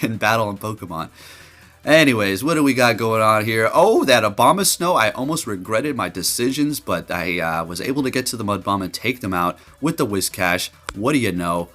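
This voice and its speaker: A man giving casual, jokey commentary over his gameplay, getting loud and excited and laughing at his own jokes. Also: fairly low pitch, normal speed, soft background music. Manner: animated, jokey, excitable, trash-talking. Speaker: gaming commentator.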